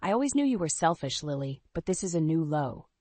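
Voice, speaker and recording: A woman voicing an angry, contemptuous middle-aged husband, sneering and shouting, in a storybook reading. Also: sits low, big pitch swings, a little fast, no room sound.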